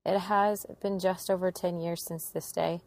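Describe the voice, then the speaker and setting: A woman's voice: on the low side, level tone, unhurried, vocal fry, darkish tone. A young woman earnestly narrating a painful personal story, with emotion in her telling.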